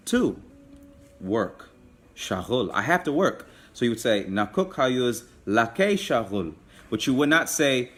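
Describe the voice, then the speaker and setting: A man teaching a live online language class, patiently repeating and drilling words slowly. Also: medium pitch.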